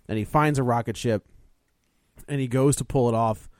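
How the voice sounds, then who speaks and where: A man talking through a film on a podcast, storytelling with energy and jumping into little acted reactions. His voice sits in an ordinary middle pitch. The recording is dry and close, with no room sound. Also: moderate pace, no echo. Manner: animated storytelling, acts out reactions. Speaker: podcast co-host. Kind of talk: casual chat, recapping a film.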